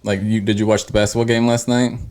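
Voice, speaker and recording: Young adult male host, low-pitched, dry and teasing, casual sports chat. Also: little pitch movement, quick pace, darkish tone. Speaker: podcast host.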